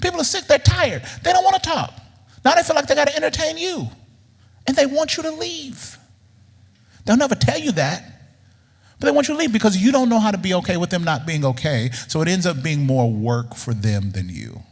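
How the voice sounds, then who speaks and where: A male preacher delivering a blunt, teasing sermon that swings from low muttering to high outbursts. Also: expressive, brisk, gravelly, husky, long reverb tail.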